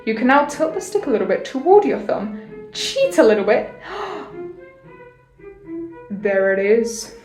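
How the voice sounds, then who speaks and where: A woman's voice: fairly high pitch, sing-song, normal speed, a little mellow, soft background music. A woman giving a casual violin lesson in a playful, jokey way, with theatrical asides. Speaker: violin teacher. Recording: roomy echo.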